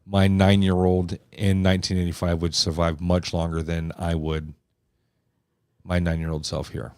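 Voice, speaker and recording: A man's voice: deep voice, darkish tone, no room sound, studio quality. A man around fifty hosting a podcast, talking loosely and rambling with lots of fillers and restarts. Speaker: podcast host. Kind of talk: casual podcast chat.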